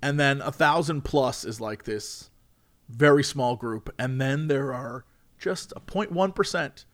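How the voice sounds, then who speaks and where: A man, a streamer, chatting casually and acting out chat messages in a high, excited voice. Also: unhurried.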